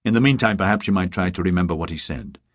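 A man voicing a weary male detective in an audiobook, speaking low and clipped. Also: fast talker, dry recording, studio quality, close to an everyday voice. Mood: terse.

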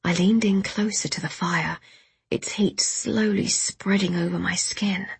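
Breathy, hushed woman narrating. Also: medium pitch, fairly even intonation, measured pace, no echo. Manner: soft, hushed, often half-whispered reading. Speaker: audiobook narrator. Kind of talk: first-person scripted narration.

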